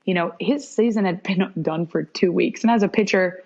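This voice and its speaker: Speaking at a moderate pace in a husky, mid-range voice, this young woman is a podcast guest and former professional soccer goalkeeper. She shares stories in a relaxed interview, lively and performing the dialogue she quotes, over dull, lo-fi audio.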